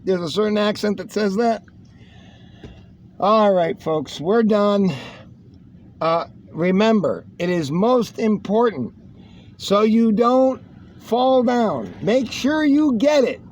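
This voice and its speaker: A man's voice: sits high, a little mellow. A man hosting a casual news read, rambling, joking and swearing as he reacts to a video from his computer at home. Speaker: show host.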